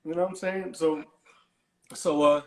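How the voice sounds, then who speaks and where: Male caller, higher voice, rambling storyteller, roomy echo on the line. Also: fairly even intonation, moderate pace, creaky, darkish tone. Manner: rambling, repeats and restarts words, dismissive "whatever". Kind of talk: animated storytelling on a call-in show.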